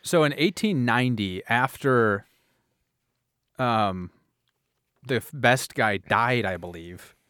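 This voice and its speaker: A man's voice: mid-range voice, animated, slow, long pauses, fairly bright tone, clean tone, no echo, clean studio sound. Man rambling through a casual podcast. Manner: rambling, fumbles and laughs at himself. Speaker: podcast host. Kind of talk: casual comedic chat.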